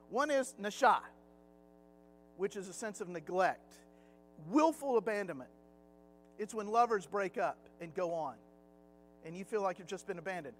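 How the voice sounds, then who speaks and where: A middle-aged man teaching a Sunday Bible class in a conversational way. He acts out quotes and chuckles at his own jokes. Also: high-pitched.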